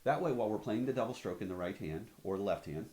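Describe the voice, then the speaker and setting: A man's voice: fairly low pitch, lively intonation, quick pace, a little mellow, echoey room. A man teaching drumming, explaining stick strokes in a practical, conversational way and often checking in with "right?". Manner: explanatory, counts beats aloud, frequent "right?" tags. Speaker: drum teacher. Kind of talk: instructional demonstration. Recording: drums and clicks behind voice.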